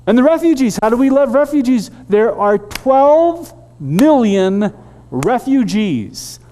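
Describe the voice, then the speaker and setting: A man preaching a storytelling sermon as a pastor, animated and halting with frequent restarts. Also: very high-pitched.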